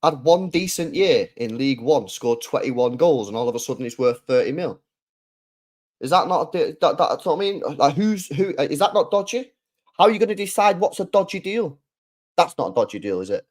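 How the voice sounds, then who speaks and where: A man's voice: a little high, sing-song, a little fast. A man hosting a football channel, delivering a heated, sweary solo rant full of rhetorical questions.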